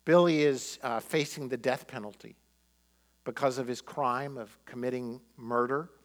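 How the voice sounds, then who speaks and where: A pastor preaching a sermon, telling a story and acting out the quotes with feeling. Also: male voice, mid-range voice, steady tone, moderate pace.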